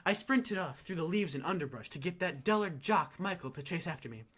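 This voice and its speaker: A man reading a story aloud, with an animated delivery full of sudden loud emphatic rises. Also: a little high, brisk. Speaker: reader.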